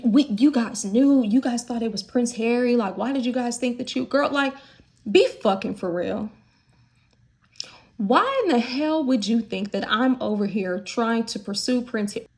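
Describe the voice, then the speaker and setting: A woman's voice: medium pitch, a little mellow. Chatty candid woman vlogger. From United States. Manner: chatty and candid, with lots of fillers. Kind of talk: candid casual chat.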